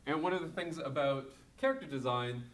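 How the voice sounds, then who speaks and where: A man's voice: medium pitch, brisk, a bit bright. A man, an author and comic artist, talking casually at a live book event with a hesitant manner and lots of fillers.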